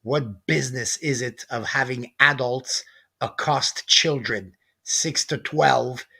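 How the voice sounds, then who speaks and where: A man's voice: mid-range voice, slow pace, creaky, sharp tone, slightly rough. A man talking as a livestream guest, giving his opinions hesitantly. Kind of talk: casual opinion talk.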